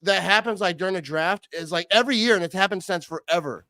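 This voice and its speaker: Young male co-host, relaxed and jokey; slightly high voice, dry close mic. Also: fast talker, no echo. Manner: laid-back, joking, says "dude" a lot. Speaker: podcast co-host. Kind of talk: casual sports chat.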